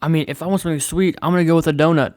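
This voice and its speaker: A man's voice: on the high side, steady tone, very fast, darkish tone, no room sound. A man co-hosting a podcast in casual chat, joking and sometimes fumbling for words. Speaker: podcast co-host.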